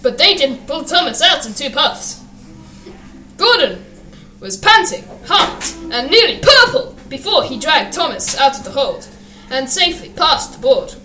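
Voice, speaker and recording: Expressive woman reading a storybook. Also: high-pitched, unhurried, roomy sound, distant mic, soft background music, poor audio. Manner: expressive, lively. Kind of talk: reading a children's storybook aloud.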